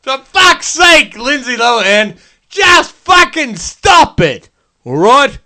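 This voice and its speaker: A man doing an impression of a brash, foul-mouthed male Australian comedian, in a put-on Australian accent, loud and swearing. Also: extremely high pitch, big pitch swings, unhurried, full character voice. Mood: ranting.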